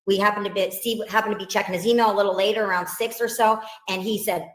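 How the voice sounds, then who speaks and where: A woman, a victim's mother, recounting events in an emotional interview, halting with many restarts and quoting what others said. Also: mid-range voice, fairly even intonation, echoey room, poor audio.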